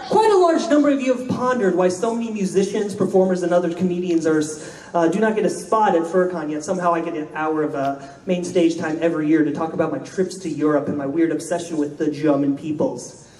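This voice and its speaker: A man from Florida telling wry, deadpan comic stories on a convention stage. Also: a little high, quick pace, far from the mic. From Florida, United States. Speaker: convention storyteller, comedian. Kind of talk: stand-up storytelling. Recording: roomy hall, voice from afar.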